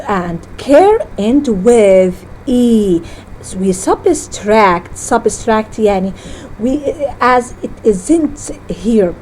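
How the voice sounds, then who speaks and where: Woman teacher, slow careful lesson delivery, lively rising and falling pitch, mellow tone with a faint hiss behind. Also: poor audio. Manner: slow, deliberate teaching with word-by-word repetition; self-correcting, halting phrasing. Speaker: English teacher. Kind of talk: classroom lesson on syllables.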